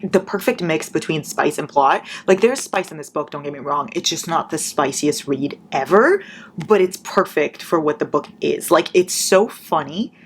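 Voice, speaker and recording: A woman's voice: low voice, lively intonation, moderate pace, a little hiss or hum. A young woman in her twenties chatting casually about books, gushing and swearing freely. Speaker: book vlogger. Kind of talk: casual chat.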